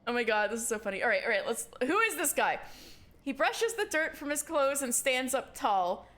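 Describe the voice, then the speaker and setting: A woman with a high-pitched voice streams a game live at normal speed. Giggly and excitable, she reads the text aloud and breaks off to react as she plays.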